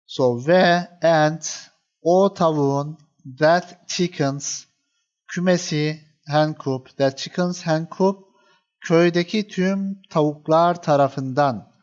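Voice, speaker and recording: A man's voice: on the high side, slow, darkish tone, lo-fi sound. Patient male grammar teacher. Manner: patient, repeats points, many fillers. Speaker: Turkish language teacher. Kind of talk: explaining grammar to viewers.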